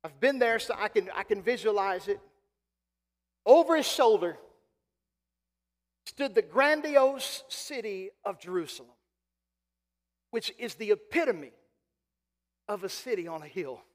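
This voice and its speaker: High-voiced male preacher in a reverberant hall. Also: expressive. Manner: emphatic preaching, stretches key phrases slowly, then drops quiet. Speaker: pastor. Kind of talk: sermon. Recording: long reverb of a large hall.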